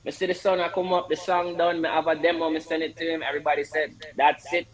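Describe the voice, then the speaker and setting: A man chats as a guest on a radio show. His voice sits a little high, and he tells his stories in a lively way, acting out what others said. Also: quick pace, rough recording. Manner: storytelling, acts out quoted voices. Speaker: guest recording artist. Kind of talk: casual radio interview.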